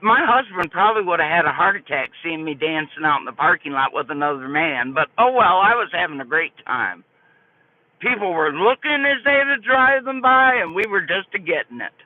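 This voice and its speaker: An older woman spins a folksy story for her live chat, her voice rising and falling with lively energy. The sound is thin and phone-like. It is close and dry, with no room echo. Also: fairly low pitch, a little fast. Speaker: live streamer. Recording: tinny phone-like dry audio.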